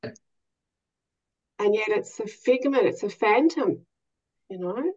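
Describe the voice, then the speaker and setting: A woman's voice: medium pitch, expressive, takes it slowly, a little mellow. A woman speaking emotionally and openly in a casual group discussion, swearing now and then. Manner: emotional, swears, laughs often. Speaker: study group member. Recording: dull lo-fi sound.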